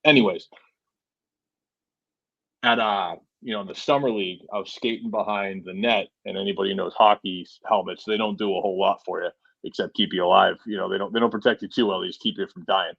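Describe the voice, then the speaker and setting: Low-voiced guy in his 40s, rambles on telling stories, dull dry lo-fi sound. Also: fairly even intonation, fairly quick, vocal fry, a bit bright, slightly rough, dry recording. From Massachusetts. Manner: rambling, full of "you know" and "right?". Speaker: podcast guest, truck driver. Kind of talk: casual storytelling.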